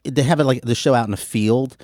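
A male comedian guest telling stories in casual chat, animated and swearing freely, acting out the quotes. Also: mid-range voice, fairly quick, no echo, clean studio sound. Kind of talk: casual storytelling.

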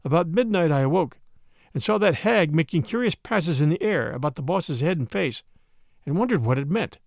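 A man reading a story aloud as an audiobook narrator, with expressive, shifting emphasis. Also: fairly high pitch, normal speed, vocal fry, no room sound, clean studio sound.

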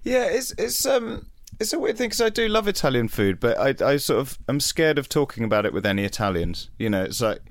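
A man's voice: mid-range voice, sing-song, fairly quick, no room sound, studio quality. A man hosting a podcast in a casual, rambling interview chat. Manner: chatty, rambling asides. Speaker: podcast host.

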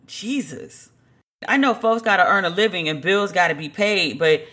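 A woman's voice: on the low side, moderate pace, a bit bright. A woman podcast host telling a story in a chatty way, full of "like" fillers and incredulous asides. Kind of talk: casual storytelling monologue.

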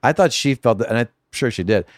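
A man's voice: mid-range voice, lively intonation, quick pace, no room sound. A man guesting on a podcast in a casual chat, talking in a dry, wry, self-deprecating way.

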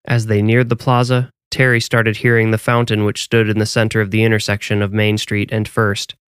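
A man narrating a scripted horror story in a measured, even storytelling way. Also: fairly low pitch, clean tone, no echo, clean studio sound.

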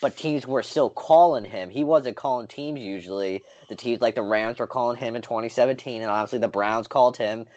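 A man's voice: medium pitch, fairly quick, few pauses, a little mellow. A man co-hosting a podcast in casual sports chat, explaining his points at length, one by one. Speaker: podcast co-host. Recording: dull lo-fi mic.

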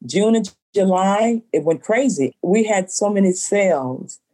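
Mellow-voiced woman telling a lively story. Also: medium pitch, a little slow. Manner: animated storyteller acting out quoted voices. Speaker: bookstore owner. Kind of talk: storytelling in an interview.

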